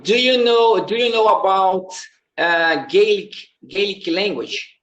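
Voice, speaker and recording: Slow, halting Brazilian man. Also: sits high, fairly bright tone, highs cut off. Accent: Brazilian Portuguese. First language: Portuguese. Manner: halting, restarts phrases. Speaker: English student. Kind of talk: casual conversation lesson. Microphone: video call.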